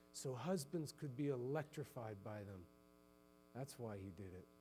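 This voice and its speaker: A male pastor preaching a sermon who climbs to loud, emphatic exhortation and then drops low and soft. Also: slight background noise.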